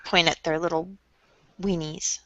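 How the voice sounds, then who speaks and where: A woman's voice: lowish voice, little pitch movement, a little slow, bright, forceful tone, no echo. A woman co-hosting a casual talk show, joking and sarcastic in a playful way. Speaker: co-host. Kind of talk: casual chat. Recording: dull lo-fi sound.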